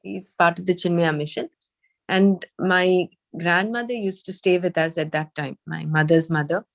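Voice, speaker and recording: Measured woman reading scripture. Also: fairly low pitch, fairly even intonation, vocal fry. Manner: measured, thoughtful, with hesitant fillers when speaking freely. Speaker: study group leader reading the text. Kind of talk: reading aloud and explaining.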